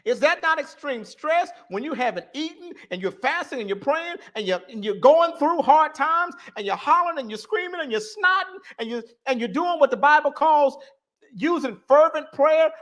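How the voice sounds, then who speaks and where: A man hosting a casual livestream, talking to his chat in an animated, repetitive way. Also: very high voice, normal speed. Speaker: livestream host.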